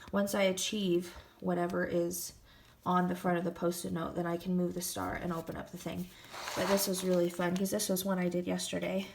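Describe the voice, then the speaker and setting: A woman's voice: fairly low pitch, vocal fry, darkish tone, slight background noise. A young woman in her twenties talking to camera in a personal vlog, chatty and affectionate, laughing often and getting a little emotional. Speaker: vlogger.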